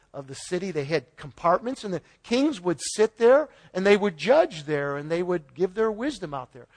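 A man giving an informal Bible teaching, retelling the story in a folksy way with paraphrased dialogue and chuckles. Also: a little high. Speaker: preacher.

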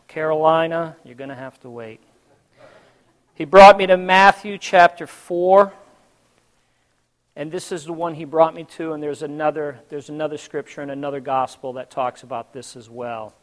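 A man preaching a sermon to his congregation, telling a story dramatically and swinging between hushed and loud, calling out to the listeners. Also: fairly high pitch, big-room sound. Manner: addresses the congregation directly.

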